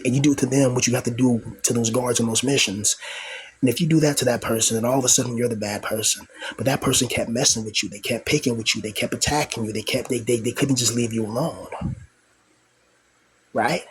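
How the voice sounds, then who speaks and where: A man's voice: mid-range voice, slightly rough, low-quality recording. Aggrieved young man ranting to camera. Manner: rambling, aggrieved, many restarts and fillers. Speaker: vlogger. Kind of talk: casual monologue to camera.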